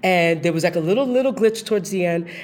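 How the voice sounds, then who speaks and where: Lively woman host telling stories. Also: fairly low pitch, fast talker. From New York City. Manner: lively storyteller who acts out quoted voices. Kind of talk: conversational interview.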